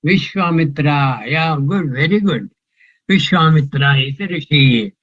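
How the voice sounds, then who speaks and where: Slow-speaking older man teaching scripture. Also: on the high side, animated, muffled recording. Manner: slow, musing, quizzes the class. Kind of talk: scripture class, question and answer.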